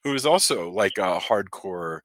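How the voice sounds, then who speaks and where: Co-hosting a podcast, a deep-voiced man chats casually about a film in a relaxed review, frequently restarting sentences. His intonation is lively and his pace measured, on a dry recording.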